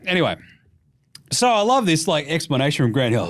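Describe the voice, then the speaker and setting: Australian male podcast host, sweary casual chat, very lively pitch. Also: a little fast. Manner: animated, profane, mimics voices for jokes.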